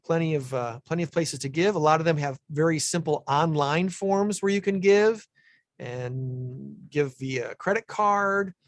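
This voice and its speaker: A man's voice: on the high side, a little slow, no echo. A male radio co-host rambling through local notices, with frequent ums and restarts, in a dry, close-miked sound. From Illinois, USA. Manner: rambling, many fillers and restarts. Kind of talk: casual radio chat.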